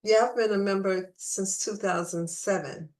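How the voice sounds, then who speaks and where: A woman's voice: mid-range voice, steady tone, normal speed, a little mellow. A woman hosting a casual conversational interview, chatty and restarting her phrases, with the hiccups. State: has the hiccups.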